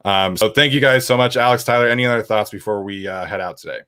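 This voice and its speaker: A man's voice: lowish voice, fast, bright, forceful tone, smooth, no echo, clean studio sound. A young man hosting a casual sports podcast, reading out viewer questions and rambling with lots of fillers. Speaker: podcast host.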